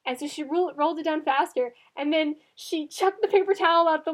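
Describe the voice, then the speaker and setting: A woman's voice: sits high, fairly quick, few pauses. A young woman telling rambling stories in a casual chat with a friend. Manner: chatty storyteller, rambling tangents. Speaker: co-host.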